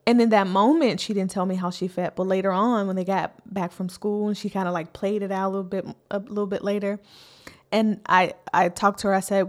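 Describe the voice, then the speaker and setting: A woman's voice: medium pitch, a little fast. A woman in her thirties giving an earnest, encouraging faith-based parenting talk as a coach, repeating key lines for emphasis.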